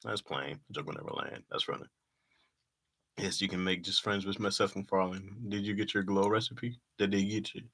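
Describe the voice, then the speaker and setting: A man's voice: low-pitched, moderate pace, creaky, a bit bright, slightly rough. A man reading his old jokes aloud to a live chat in casual talk, laughing at them and mocking himself.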